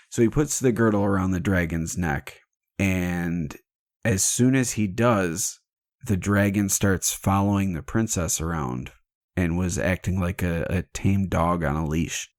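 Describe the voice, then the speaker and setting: A man's voice: deep voice, a little mellow, dry recording, studio quality. A man hosting a podcast, retelling a legend in a casual, irreverent and jokey way, swearing freely. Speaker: podcast host. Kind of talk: casual storytelling chat.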